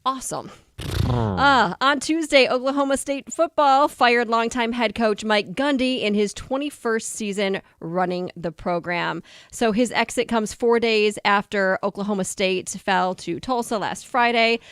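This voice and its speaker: A woman's voice: on the high side, measured pace, a bit bright, clean tone, dry recording. Female radio news reader, chatty and loose, dry studio mic. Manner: conversational, loose reading with fillers. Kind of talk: casual radio news update. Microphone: studio microphone.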